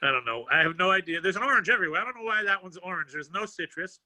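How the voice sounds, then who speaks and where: Comedian guest, really bright high voice, rambly and laughing, dry sound. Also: male voice, animated, racing, no echo, low-quality recording. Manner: rambling, laughs easily, swears. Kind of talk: casual comedic chat.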